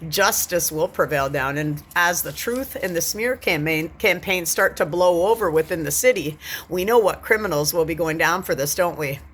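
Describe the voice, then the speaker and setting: A woman's voice: lowish voice, moderate pace, a bit bright, slightly rough. A woman in her forties ranting agitatedly into a handheld phone while sitting on a bed, swearing often and repeating herself. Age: 40s. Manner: agitated, profane, repetitive. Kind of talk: agitated vlog rant. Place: on a bed indoors.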